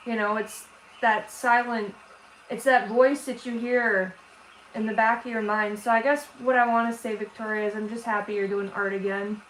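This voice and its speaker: A woman hosting a casual art livestream for her viewers, tearful, talking in a halting, emotional way with many restarts. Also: a little high, flat delivery, a bit bright. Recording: roomy echo with faint background noise.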